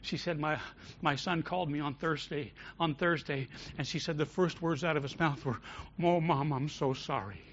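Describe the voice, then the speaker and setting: Emphatic preaching man, bright voice. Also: fairly high pitch, fairly even intonation, normal speed, highs cut off, slight background noise. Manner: emphatic preaching, shifting from loud declarations to quiet storytelling. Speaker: pastor. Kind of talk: sermon. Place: church.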